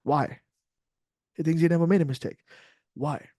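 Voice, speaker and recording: A man's voice: fairly high pitch, moderate pace, no echo. Blunt, profane man, dry close sound. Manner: blunt and profane, animated, acts out quotes. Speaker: trading mentor. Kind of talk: casual livestream talk.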